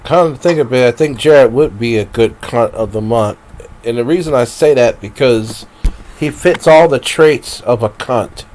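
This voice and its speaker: Brief: male streamer, rambling profane rant, mid-pitched, emotional venting. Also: normal speed, a little mellow, slight background noise. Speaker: live streamer.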